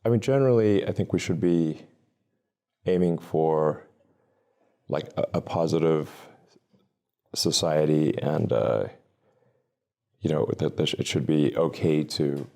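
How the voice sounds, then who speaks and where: A man answering an interview question, halting and hesitant, with many pauses and restarts. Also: very deep voice, gravelly, mellow. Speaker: interview guest.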